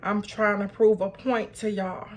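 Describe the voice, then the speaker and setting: Slow, earnest woman vlogger testifying. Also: mid-range voice, flat delivery. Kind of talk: motivational personal vlog.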